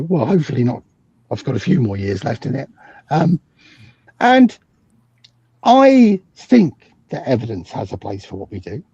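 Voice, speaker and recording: A man's voice: mid-range voice, warm tone, breathy edge, dry recording, dull audio. A middle-aged British man talking casually as a guest expert, wry and a little cynical. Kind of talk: casual video call conversation.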